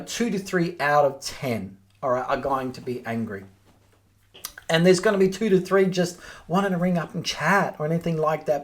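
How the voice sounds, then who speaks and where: Man coaching on phone scripts. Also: on the high side. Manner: direct, coaching, acts out sample phone scripts. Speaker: real estate trainer. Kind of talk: instructional talk to camera.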